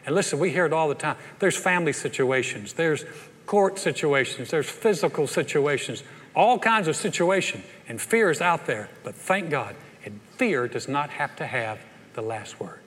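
A man's voice: fairly high pitch, lively intonation, normal speed, a bit bright. An older man preaching a sermon, emphatic with playful asides, in a large church. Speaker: pastor. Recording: echoey hall sound.

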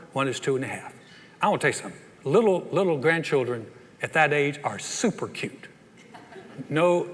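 A man's voice: on the high side, fairly bright tone. Older guy preaching, emphatic and a bit jokey, big echoey church sound. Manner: emphatic preaching with playful asides. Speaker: pastor. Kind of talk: sermon. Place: large church hall.

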